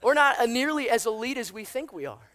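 A man's voice: very high-pitched, lively intonation, quick pace, fairly bright tone, slight background noise. A man preaching a sermon, telling a story with acted voices and asking the congregation rhetorical questions. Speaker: pastor.

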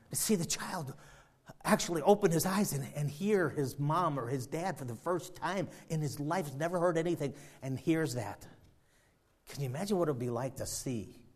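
A male preacher delivers a sermon in a slightly raised pitch. He moves between hushed, drawn-out musings and loud, climbing appeals, restarting and repeating phrases as his intensity grows. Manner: swings from hushed, slow musing to loud, rising exhortation.

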